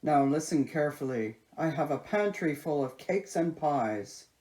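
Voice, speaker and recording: A woman voicing a greedy, grumpy male giant with a gruff, booming voice. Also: expressive, a little slow, mellow.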